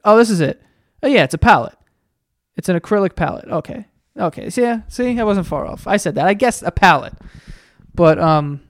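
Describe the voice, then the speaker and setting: A man's voice: a little high, vocal fry, darkish tone, dry recording, studio quality. A man hosting a podcast, chatting casually in a profane, rambling, sarcastic way while he searches online. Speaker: podcast host. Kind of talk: casual comedic rant.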